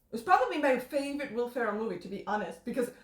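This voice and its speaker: A woman's voice: a little high, sing-song, very fast. A woman hosting a casual live stream from her kitchen, rambling and laughing as she chats. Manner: rambling, laughing often, restarts. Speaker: stream host. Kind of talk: casual chat. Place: home kitchen. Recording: echoey room.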